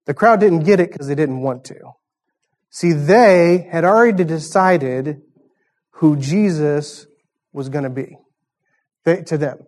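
A man's voice: on the high side, darkish tone. A man preaching a conversational sermon, teaching through a passage and asking the congregation rhetorical questions. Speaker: pastor.

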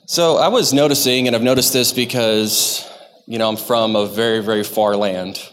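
A man's voice: on the low side, steady tone, a bit bright, slight background noise. Man preaching in a reverberant hall. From Texas. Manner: conversational, self-deprecating, halting restarts. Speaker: lay preacher. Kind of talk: sermon. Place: church sanctuary.

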